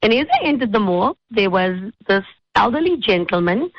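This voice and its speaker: A woman hosting a radio talk show, telling a story with animated, acted-out quotes. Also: mid-range voice, normal speed, dry recording, dull audio. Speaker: radio host.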